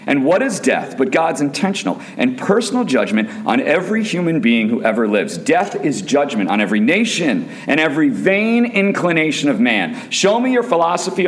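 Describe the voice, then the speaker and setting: A man's voice: on the high side, sing-song, moderate pace. A man preaching a sermon to a church, emphatic and fired up, hammering home rhetorical questions and repeating lines.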